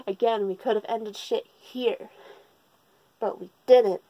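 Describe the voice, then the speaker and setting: A woman's voice: mid-range voice, fairly even intonation, slow pace, mellow, no room sound, rough recording. A woman giving a comedic manga recap with profane, sarcastic ranting. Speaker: manga reviewer.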